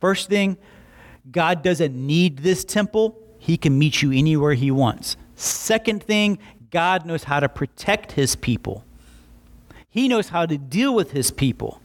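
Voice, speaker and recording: A man preaching a Bible-teaching sermon in an animated way, acting out quick voices for emphasis. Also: a little high.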